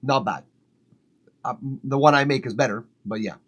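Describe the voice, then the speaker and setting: Eating while he talks, a music feedback stream host chats from his home studio in a relaxed way, laughing often and swearing freely. He speaks at a moderate pace with a medium-pitched voice.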